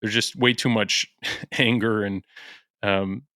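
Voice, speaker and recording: A man's voice: on the low side, steady tone, slow, pushed and bright, no room sound, studio quality. A man from the American Midwest, a podcast guest in casual chat, talking in an earnest, self-deprecating way and laughing easily.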